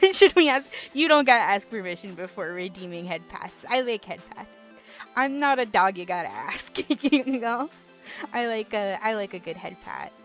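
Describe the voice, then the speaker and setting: A woman's voice: mid-range voice, expressive, moderate pace, a bit bright, soft background music. A woman streamer chatting casually with her live chat, rambling and giggling often with lots of "like".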